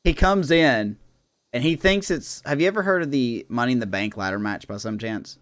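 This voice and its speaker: A man hosting a livestream, chatting casually and telling a story in an animated way with lots of laughs. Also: mid-range voice, moderate pace, no room sound. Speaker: livestream host. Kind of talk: casual chat on a gaming stream.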